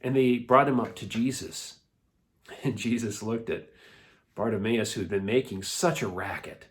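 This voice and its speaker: A man leading children's church, telling a Bible story in a playful, animated way. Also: fairly low pitch, moderate pace. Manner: animated, playful, laughs often.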